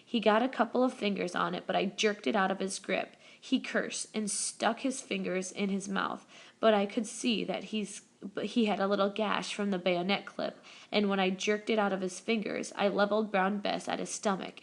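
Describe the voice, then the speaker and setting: A woman reading a novel aloud as first-person narration, steady, with small self-corrections. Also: mid-range voice, moderate pace, vocal fry. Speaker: reader. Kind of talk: audiobook narration.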